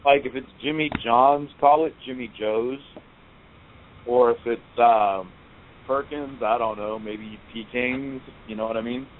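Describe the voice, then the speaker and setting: A man calling in to a radio show and chatting in a relaxed, joking way. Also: medium pitch, measured pace. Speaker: caller. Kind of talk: casual call-in chat. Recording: tinny phone line with faint hiss.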